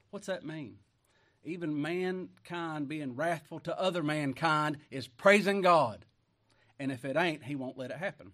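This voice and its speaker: A man's voice: on the high side, normal speed, fairly bright tone. A man preaching a sermon, reading scripture aloud and commenting in a folksy way that rises into emphatic bursts. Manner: folksy, rising to emphatic bursts, chuckles often.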